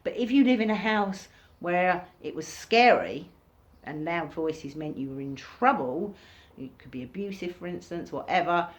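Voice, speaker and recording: Chatty woman teaching, low-pitched voice. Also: lively intonation, normal speed. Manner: chatty, acts out reactions in sudden high bursts. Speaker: workshop teacher. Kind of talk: informal recorded lesson.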